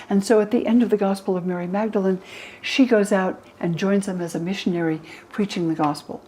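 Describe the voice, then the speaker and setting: A woman's voice: medium pitch, fairly quick, hardly any pauses, slightly rough, low-quality recording. A woman in her eighties from the United States, a historian of religion, telling stories animatedly in a documentary interview. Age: 80s. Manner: animated storyteller, acts out quotes.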